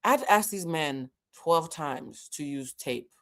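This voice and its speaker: A woman, an emotional intelligence coach, telling a story in a vlog with animated, exasperated delivery and acted-out quotes. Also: low voice, unhurried.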